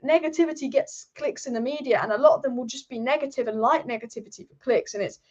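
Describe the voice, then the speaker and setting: Woman host, quick and high-pitched, swears freely and repeats her points in a casual rant. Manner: fired-up, swearing, repetitive. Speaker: football channel host. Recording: dull lo-fi audio.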